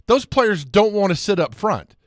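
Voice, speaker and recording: A man co-hosting a casual sports talk radio show in a studio, animated and quick to laugh, drifting into rambling asides. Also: high voice, dry recording. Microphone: studio mic.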